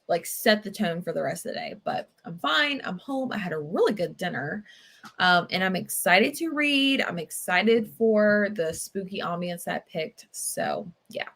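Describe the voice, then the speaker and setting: A young woman talks casually to her livestream viewers in a mid-range voice. She rambles with plenty of fillers and gets animated when she tells a story. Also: medium pitch. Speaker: livestream book-club host.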